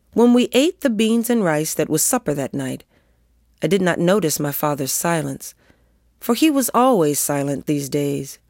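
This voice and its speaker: Story narrator, female, lowish and very expressive, in a dry room. Reads with a shifting tone. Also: no echo. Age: adult. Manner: lively, expressive reading. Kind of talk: reading a story aloud.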